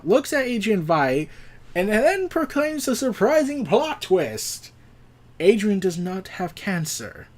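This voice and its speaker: A man casually recapping a comic book issue, rambling with restarts. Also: sits high. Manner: rambling, with restarts and acted quotes.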